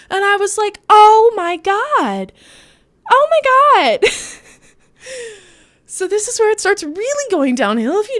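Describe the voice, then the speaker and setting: Animated higher-voiced woman telling a story. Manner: animated, acts out quotes, laughs often. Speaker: podcast co-host telling a story. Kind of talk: casual storytelling chat.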